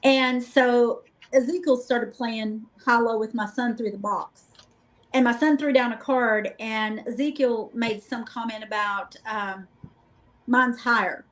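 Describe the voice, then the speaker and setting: A middle-aged woman guest, telling lively, joking stories about a paranormal investigation in a casual chat. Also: a little high, unhurried, low-quality recording. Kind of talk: casual storytelling.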